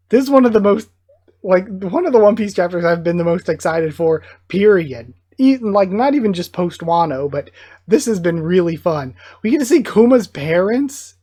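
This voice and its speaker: A channel host reacting live to a comic chapter, reading parts aloud with excited outbursts. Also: mid-range voice, normal speed. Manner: excitable, bursts of enthusiasm between plain read-aloud passages.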